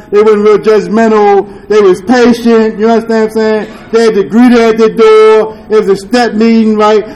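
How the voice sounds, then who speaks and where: A man with a notably high voice shares a candid testimony at a recovery meeting. He talks in loose street slang, swears freely, and keeps checking in with "you dig?" His tone is earnest and confessional. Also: darkish tone, poor audio. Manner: earnest and confessional, with rueful laughs. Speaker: speaker sharing at a recovery meeting.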